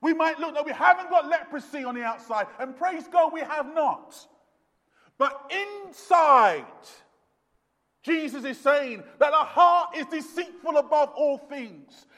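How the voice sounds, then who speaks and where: A man preaching a sermon as pastor, swinging from hushed lines to shouted emphasis. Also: very high voice, lively intonation, a little slow. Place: church. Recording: long echoey reverb of a hall.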